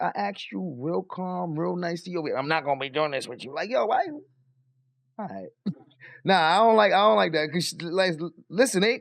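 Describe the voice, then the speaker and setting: A man giving slangy, animated reaction commentary on a meeting clip, with chuckling asides. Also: high voice, gravelly, no room sound.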